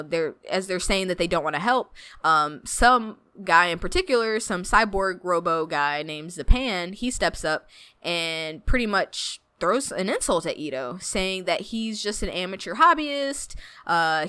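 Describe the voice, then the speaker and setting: A woman hosts a podcast and recaps the story in casual, animated chat. Her voice is bright and lively in pitch, and she laughs often and fills her talk with 'like'. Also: smooth, dry recording. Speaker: podcast host.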